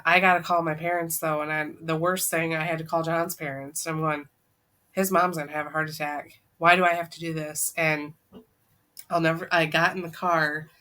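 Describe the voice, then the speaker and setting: A woman guest on a podcast, earnestly recounting a personal story and quoting the people in it, her voice dropping soft at the hard parts. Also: sits low. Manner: earnest, relives events by quoting dialogue; emotional, voice drops soft at hard moments. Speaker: guest, co-author.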